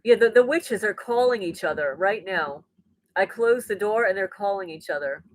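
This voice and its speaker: A woman, hosting a casual livestream from home, reading viewer comments in an animated way and often repeating her words. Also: medium pitch, moderate pace, dry recording, rough recording. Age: 60s. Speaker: livestream host. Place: rural home indoors. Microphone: laptop mic.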